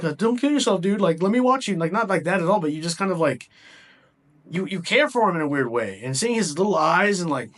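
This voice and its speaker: A man's voice: high-pitched, pushed and bright. A young man giving a casual film review, rambling and enthusiastic with lots of fillers and restarts. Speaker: movie reviewer.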